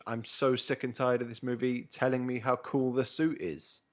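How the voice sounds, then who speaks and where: A man's voice: medium pitch, level tone, moderate pace. A man co-hosting a movie review podcast, blunt and ranting with swearing. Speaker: podcast co-host. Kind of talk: casual chat.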